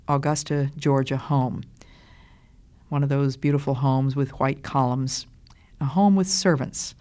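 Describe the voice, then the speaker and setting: An older woman giving a Christian devotional talk in a slow, deliberate, earnest way. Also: low voice, darkish tone. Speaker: Christian speaker.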